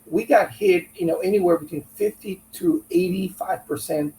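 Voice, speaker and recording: A man telling a business story in an interview, animated and acting out what friends said. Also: high-pitched, normal speed. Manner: animated, acts out quotes from friends. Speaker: business owner guest. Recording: echoey room, a bit far from mic, faint hum.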